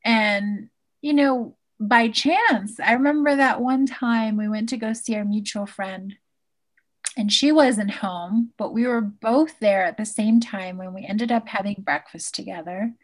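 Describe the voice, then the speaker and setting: A woman in her forties hosting a casual conversation, reminiscing in an animated, affectionate way. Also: mid-range voice, a little slow. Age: 40s.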